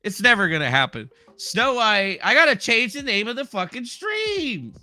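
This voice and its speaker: A man hosting a livestream, ranting in a heated, profane way and swinging into shouting. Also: high voice, very animated, normal speed, dry recording, soft background music. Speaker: livestream host. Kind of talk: angry livestream rant.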